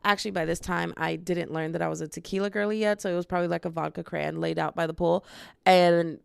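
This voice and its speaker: A woman's voice: on the low side, fairly even intonation, quick pace, creaky, clean tone, no room sound, clean studio sound. A woman, hosting a casual podcast vlog from home and talking to a small handheld camera in a bubbly, rambling, self-mocking way. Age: 20s. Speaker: podcast host. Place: home room with bookshelf.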